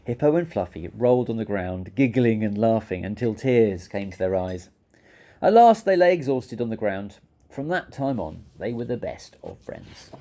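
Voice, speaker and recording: A man reading a children's story aloud in an expressive, playful way, laughing along with it. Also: lowish voice, moderate pace.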